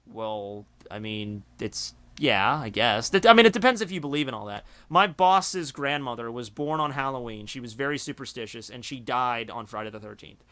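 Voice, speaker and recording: A man's voice: mid-range voice, lively intonation, moderate pace, few pauses, a bit bright. A young man hosting a livestream, chatting casually and rambling with lots of filler words. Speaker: streamer host.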